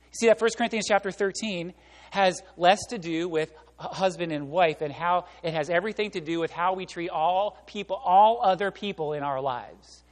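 A pastor with a high voice preaches a sermon at a moderate pace, animated and addressing the room directly. He acts out the voices of people he quotes and laughs along, his words carrying a long reverb like that of a large church sanctuary.

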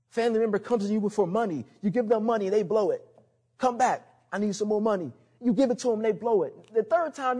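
Husky guy preaching, kinda high voice, chatty sermon, laughs a lot. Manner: conversational preaching, laughs often, drops low and soft for emphasis. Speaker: pastor.

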